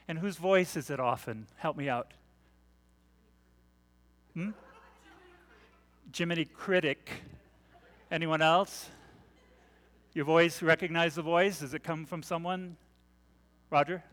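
Male pastor, talky and questioning with the congregation, fairly high voice, recorded in a reverberant sanctuary. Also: a bit bright. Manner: chatty, asks the congregation questions, many fillers. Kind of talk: interactive conversational sermon. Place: church sanctuary.

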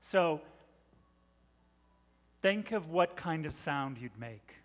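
A middle-aged man preaching a sermon, telling the story dramatically and swelling from hushed to loud. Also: on the high side, animated, slow. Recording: long reverb of a large hall.

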